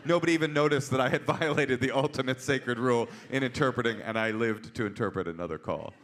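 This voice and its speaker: Bright-voiced male comedian telling stories. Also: mid-range voice, brisk, hardly any pauses. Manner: animated, punchy delivery. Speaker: comedian and author. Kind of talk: live on-stage storytelling. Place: auditorium stage before an audience.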